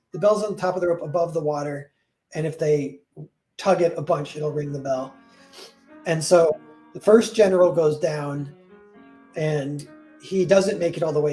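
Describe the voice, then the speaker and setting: A man's voice: a little high, darkish tone. A man casually retelling a fairy tale, rambling with lots of "like" and correcting himself as he goes. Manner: rambling, full of "like" and self-corrections. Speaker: storyteller.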